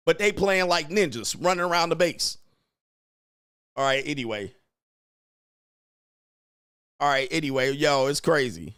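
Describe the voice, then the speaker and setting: A man's voice: mid-range voice, expressive, takes it slowly, long pauses, fairly bright tone, clear, resonant tone, no room sound, studio quality. Loose, laughing man riffing crudely. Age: 40s. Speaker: host. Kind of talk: casual commentary monologue.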